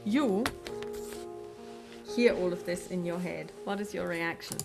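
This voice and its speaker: A woman's voice: lowish voice, unhurried, creaky, darkish tone. A woman narrating a tabletop game as game master, with wry, playful asides. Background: music.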